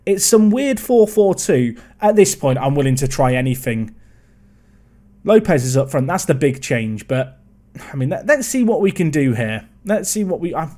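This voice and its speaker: Seated at his computer, a man from England who makes gaming videos rambles through let's-play commentary in an exasperated way. His voice runs on the high side with a darkish tone.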